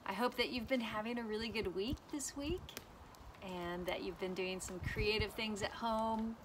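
A woman's voice: mid-range voice, normal speed, a little hiss or hum. Cheerful woman teaching children outdoors. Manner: cheerful, sing-song, inviting children to repeat. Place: outdoors by a fire pit.

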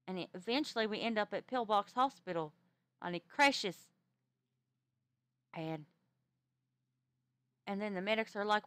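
Woman spinning a ghost story, stumbles and restarts a lot, smooth clear voice, dry sound. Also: mid-range voice, normal speed, long pauses, no room sound. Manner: animated, stammering restarts. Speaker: roleplay character telling a ghost story. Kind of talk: casual in-character storytelling.

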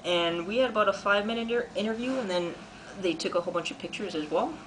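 A man's voice: sits high, fast talker. Chatty young man, noisy background. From Canada. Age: 20s. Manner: chatty and excitable, many "like" fillers. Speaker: vlogger and artist. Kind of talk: casual video diary.

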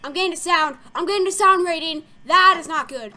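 A woman's voice: very high-pitched, fairly quick, hardly any pauses, bright, forceful tone. A young woman playing a game and commenting as she goes, jumpy and easily startled, rambling with lots of fillers. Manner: jumpy, easily startled, frequent gasps and squeals; rambling, filler-heavy talk. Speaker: gaming video creator. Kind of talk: casual let's-play commentary.

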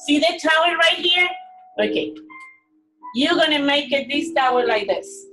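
A woman teaching young children in an online class, coaxing and praising them in simple, animated phrases. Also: high-pitched, unhurried, distant mic, soft background music, low-quality recording. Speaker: preschool teacher.

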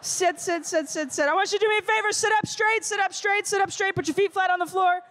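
High-voiced, playful woman speaker. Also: fast talker. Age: 30s. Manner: lively, playful storyteller. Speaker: youth conference speaker. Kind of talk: motivational talk to teens. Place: conference stage before a crowd.

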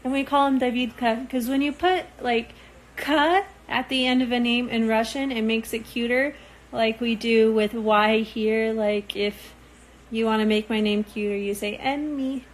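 A young woman from a reality show talks casually with viewers in a voice on the high side, steady in tone and unhurried. She rambles loosely with frequent ums and sounds tired, and the audio quality is poor.

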